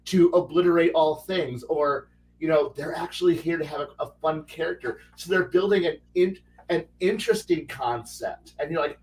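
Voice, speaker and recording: Rambling, animated man on a gaming panel. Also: a little high, normal speed, far from the mic, slight background noise, low-quality recording. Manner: rambling, animated, many restarts. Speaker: panel guest. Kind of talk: casual panel chat.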